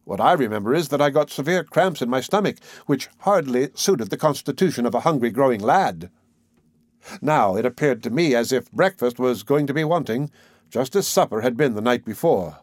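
A man's voice: mid-range voice, no echo. Man reading a story, dry close sound. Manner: measured, expressive first-person telling. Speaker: audiobook narrator. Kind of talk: scripted storybook narration.

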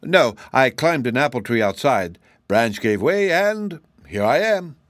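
A man voicing a gentle, unflustered shaggy wandering man with a kindly, solemn manner in an audiobook. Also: mid-range voice, very animated, a little slow, no room sound, studio quality, pitched above the performer's own voice. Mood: breezy. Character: calm, cheerful, whimsical shaggy wanderer man. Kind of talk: audiobook character voice.

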